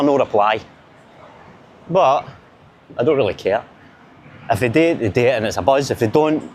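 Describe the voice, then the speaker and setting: This medium-pitched Glaswegian man is filming a casual walking vlog outdoors on busy streets, with slight background noise. He talks to camera in a joking, chatty, rambling way.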